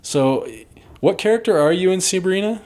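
A man co-hosting a comedy podcast, interviewing a made-up character with teasing questions and halting restarts. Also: high voice, lively intonation, a little mellow.

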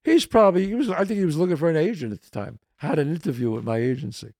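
A gravelly, slightly high-voiced older man tells a rambling story, acting out the people in it. The sound is dry and close, with no room around his voice. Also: fast, dry recording. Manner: animated anecdote with quoted voices, some swearing. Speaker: podcast host. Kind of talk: casual storytelling.

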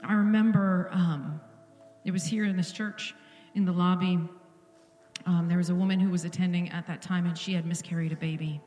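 A woman's voice: fairly low pitch, fairly even intonation, moderate pace, mellow, roomy sound, long reverb tail, faint music behind. A woman pastor giving an earnest, intimate sermon in a church, at times dropping to a whisper. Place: church sanctuary.

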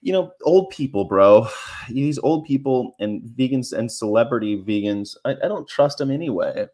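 A man's voice: medium pitch, lively intonation, normal speed, darkish tone. Man, vlogger, casual rambling monologue, mid-range voice, crude jokey asides.

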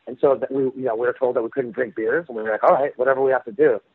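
Talking very fast in a slightly rough, medium-pitched voice with fairly even intonation, a rock singer tells loose, rambling stories full of fillers and restarts. It's a casual phone interview where he's the guest, heard over a dry, tinny line without echo.

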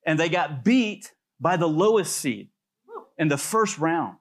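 A pastor preaching a sermon in a loose, conversational way, telling stories with plenty of fillers. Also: male voice, on the high side, lively intonation, measured pace. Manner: conversational storytelling with many fillers.

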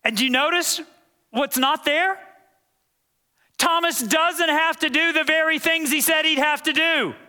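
A man's voice: extremely high pitch, measured pace, bright, forceful tone. A man preaching a sermon as pastor, emphatic and building through repeated phrases.

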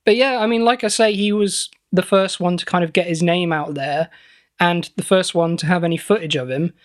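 Deadpan man telling tall tales. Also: sits high, brisk, clear, resonant tone. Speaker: podcast co-host. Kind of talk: comedic banter.

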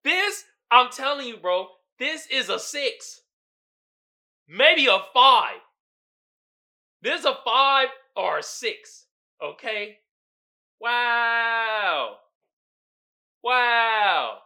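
A man's voice: very high-pitched, very animated, slow, gravelly, pauses often, bright, forceful tone. A man hosting a podcast, recapping a movie in a casual, profane, storytelling way with frequent laughter. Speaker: podcast host.

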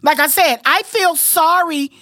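A woman's voice: very high voice, unhurried, pushed and bright, no room sound, clean studio sound. A woman hosting a casual podcast, talking bluntly, profanely and emphatically. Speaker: podcast host.

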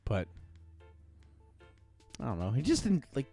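Male co-host, rambling profane rants, lively pitch, faint music behind. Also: a little slow, vocal fry. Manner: rambling, profane, animated ranting. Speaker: podcast co-host. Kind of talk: casual chat.

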